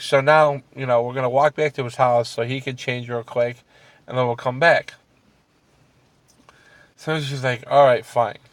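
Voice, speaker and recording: A man's voice: medium pitch, no echo. A middle-aged man casually telling a true ghost story about his teenage years, acting out the other people's lines and laughing at his own story.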